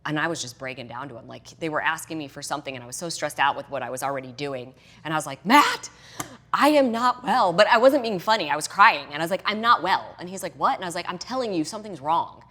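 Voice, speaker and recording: A woman's voice: deep voice, very fast, hardly any pauses, a bit bright. A middle-aged woman, a fitness and hormone health coach, chatting as a podcast guest and animatedly acting out her own past reactions. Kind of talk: casual podcast interview.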